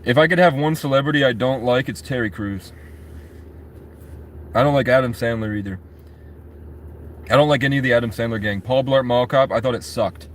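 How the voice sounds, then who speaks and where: A man rambles through a casual vlog, talking straight to his chat and swearing freely. He wanders from one thought to the next in an everyday mid-pitched voice. Faint noise hangs behind him. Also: brisk, pauses often. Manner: rambling, profane, talks to chat. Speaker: vlogger.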